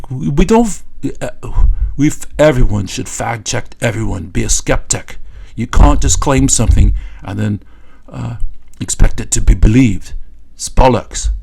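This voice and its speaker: A man's voice: mid-range voice, creaky, mellow, slightly rough, low-quality recording. A man giving satirical political commentary in a mocking, scornful way, with many hesitant fillers.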